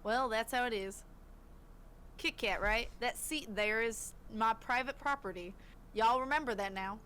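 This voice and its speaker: A woman's voice: on the high side, a little slow, bright, forceful tone, a little hiss or hum. A woman voicing a boastful male bird café regular, putting on a clumsy Southern US drawl in a game voiceover. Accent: attempted Southern US.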